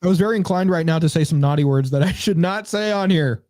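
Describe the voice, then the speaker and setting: Young male comedy podcaster; irreverent, higher-pitched, dry close sound. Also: fast, darkish tone, no echo. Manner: joking, irreverent. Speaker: podcast co-host. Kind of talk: casual comedy chat.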